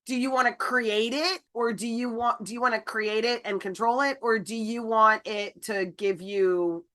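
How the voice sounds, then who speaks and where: A woman's voice: a little high, steady tone, moderate pace, a bit bright. A woman co-hosting a podcast, upbeat and chatty, talking to guests and listeners. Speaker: podcast co-host. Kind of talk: casual podcast chat.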